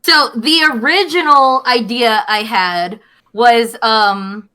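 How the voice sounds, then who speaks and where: A young woman co-hosting a podcast in casual chat, telling a story in an animated way with bursts of laughter. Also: fairly high pitch, slow, smooth. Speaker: podcast co-host.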